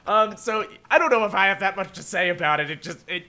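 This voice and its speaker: High, bright-voiced young man. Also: quick pace. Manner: easygoing, laughing. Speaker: podcast co-host. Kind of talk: casual chat.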